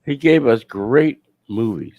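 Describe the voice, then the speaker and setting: A man's voice: medium pitch, slow pace, phone-quality sound, crowd noise. A man on a call-in show, heckling and insulting the hosts. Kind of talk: heated call-in banter.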